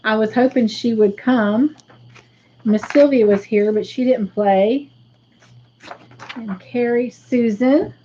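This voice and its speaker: A woman hosting a casual livestream, slowly tallying up points for viewers. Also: a little high, dark tone, muffled recording, slight background noise. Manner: slow, careful tallying of points. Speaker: livestream host.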